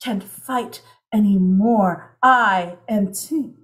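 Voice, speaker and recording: A woman performing her own poems at an online open mic from home, with a slow, deliberate, rhythmic recitation. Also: fairly low pitch, darkish tone. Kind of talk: performance poetry.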